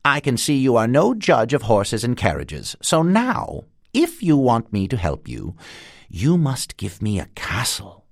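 A man voicing a vain, fussy female magpie who thinks herself a princess, talking in a scornful, squeaky way. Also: huge pitch swings, a little slow, gravelly, dry recording, clean studio sound, full character voice. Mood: haughty.

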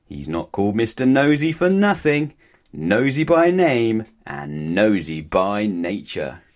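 A man reading a children's storybook aloud in a gentle, playful, unhurried way. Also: lowish voice, sing-song.

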